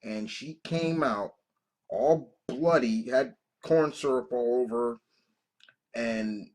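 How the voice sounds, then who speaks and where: A man's voice: mid-range voice, slow pace, a little mellow. A man in his thirties hosting a reaction video, telling personal stories in a casual, profane and emotional way, full of restarts. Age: 30s.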